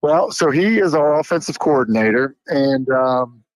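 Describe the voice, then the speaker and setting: A middle-aged coach talks on a sports radio show in a plain, mid-pitched voice. He is earnest and thinks aloud as he goes. The sound is dry and close. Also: lively intonation, moderate pace, no echo, low-quality recording. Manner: earnest, many fillers and restarts. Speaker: high school football coach, guest. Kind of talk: radio interview.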